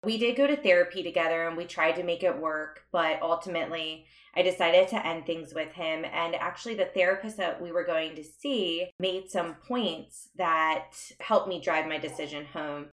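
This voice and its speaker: A young adult woman appears as a podcast guest, telling her own story in a lowish, slightly bright voice at a moderate pace with few pauses. Her manner is earnest and reflective, punctuated by laughs, and the recording sounds roomy and echoey.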